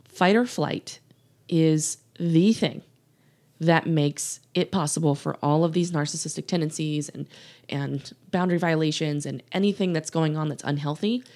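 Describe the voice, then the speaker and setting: A woman with a lowish voice talks through her solo podcast as a coach. She sounds earnest and emphatic, circling back to her main points and laughing lightly as she goes. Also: a little mellow. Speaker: podcast host and life coach.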